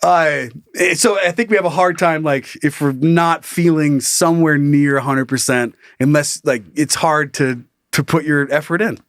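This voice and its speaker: A young man chats on a podcast with a raised pitch, swearing casually and laughing through his points. His voice sits close and dry, with no room around it. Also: moderate pace, hardly any pauses, no room sound. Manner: profane, laughing, riffs into mocking bits. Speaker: podcast co-host. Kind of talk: casual comedic chat.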